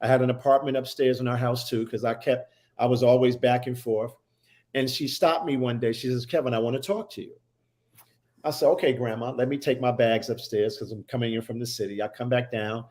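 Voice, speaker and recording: A man's voice: medium pitch, steady tone, brisk, a little mellow. A man who is a guest on a talk show, telling a personal story with emphasis and many restarts. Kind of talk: personal storytelling in casual chat.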